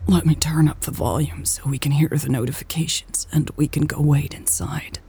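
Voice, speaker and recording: A woman narrator voicing a gentle, playful young woman in a romance audiobook, speaking softly in a hushed voice. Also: lowish voice, takes it slowly, husky, exaggerated voice. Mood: soothing. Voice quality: soft, hushed.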